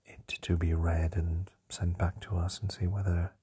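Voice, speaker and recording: This is a young man's nightly podcast diary, whispered softly as he lies down, since his housemates are asleep close by. He talks in a slow, flat way with frequent hesitant fillers, his voice low, dark, and heavy with breath.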